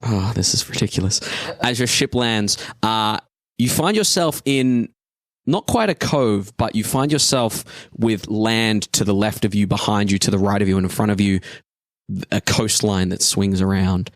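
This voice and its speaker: A man running a tabletop game, narrating scenes in a fairly low voice. He pauses often with uhs as he describes things. His voice sounds dry and close. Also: no echo. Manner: descriptive, hesitant with many uhs. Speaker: game master.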